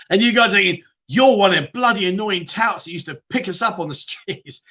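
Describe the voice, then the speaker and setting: A man's voice: high-pitched, animated, moderate pace, pushed and bright. A middle-aged man hosting a casual live stream, chatting and greeting viewers by name, often laughing. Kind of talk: casual chat reading live comments.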